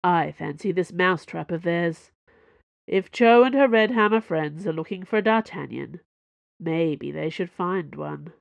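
A woman's voice: lowish voice, a little slow, gravelly, no echo, muffled recording. A woman voicing a mischievous male swordsman with dry humor in an audiobook reading. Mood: wry. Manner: wry, teasing.

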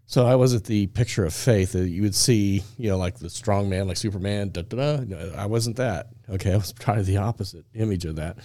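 Brief middle-aged male host, warm and relaxed tone, lively conversational storyteller, dry close sound. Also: on the low side, fairly quick, hardly any pauses, dry recording. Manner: animated, stops often with "okay?" to check in with listeners; acts out the dialogue of the people in his story. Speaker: podcast host.

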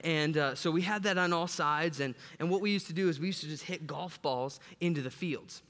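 Joking pastor preaching in a reverberant hall. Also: male voice, a little high, a little fast. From south side of Chicago. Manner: animated, joking storyteller. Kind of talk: sermon with humorous personal story. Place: church sanctuary. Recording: long reverb from a large hall.

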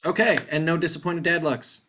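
A man, a podcast guest, telling a story in a casual, halting way with many fillers. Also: fairly high pitch, pushed and bright, a little hiss or hum. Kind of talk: casual interview chat.

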